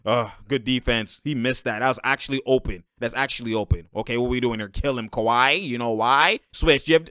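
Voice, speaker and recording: Excitable slangy man breaking down game film. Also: mid-range voice, normal speed, few pauses, dry recording, clean studio sound. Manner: animated, slangy, laughs often, talks straight to the players on screen. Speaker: basketball film breakdown host. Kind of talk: excited play-by-play breakdown commentary.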